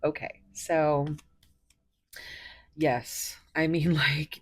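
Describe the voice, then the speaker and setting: A tarot reader speaks to her viewers in a lowish voice, slowly and with long pauses. She gushes emotionally and tearfully, often dropping into whispers.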